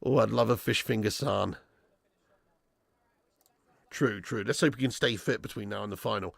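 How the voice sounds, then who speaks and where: A man hosting a football watch-along stream, chatting excitedly and with plenty of slang, his voice going hoarse. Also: fairly low pitch, moderate pace, dry recording. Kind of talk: live stream chat and match reaction.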